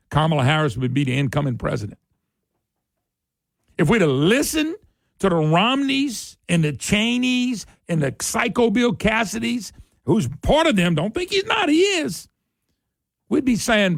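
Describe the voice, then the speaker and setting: Gravelly fired-up radio man. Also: fairly high pitch, lively intonation, normal speed, no echo. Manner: fiery and emphatic, repeats points, rises sharply when worked up. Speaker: talk radio host. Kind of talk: opinionated political radio monologue.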